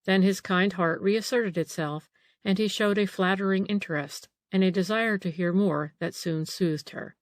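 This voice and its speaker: A woman narrating an audiobook in a measured, steady storytelling manner. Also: mid-range voice, dry recording. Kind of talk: scripted narration.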